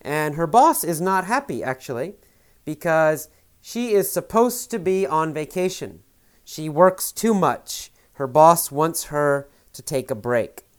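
A man's voice: on the high side, animated, takes it slowly, clean tone. A man teaching English, retelling a film scene and restating each idea in simpler words, with hesitant fillers. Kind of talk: explaining a film scene to learners.

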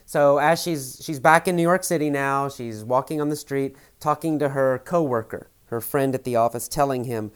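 A man's voice: medium pitch, normal speed, few pauses, clean tone. A man teaching English, retelling a film scene and restating each idea in simpler words, with hesitant fillers. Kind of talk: explaining a film scene to learners.

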